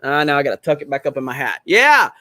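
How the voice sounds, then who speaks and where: A man's voice: medium pitch, very fast, a bit bright, dry recording, studio quality. Brash, profane male live streamer. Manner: brash, profane, banter with the chat. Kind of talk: casual live stream chat.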